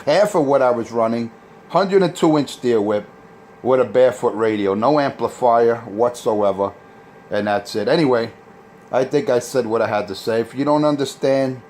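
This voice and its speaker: A man's voice: medium pitch, darkish tone. A man on CB radio, boasting and trash-talking rivals in a repetitive on-air rant. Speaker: CB radio operator. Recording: CB radio transmission with faint noise.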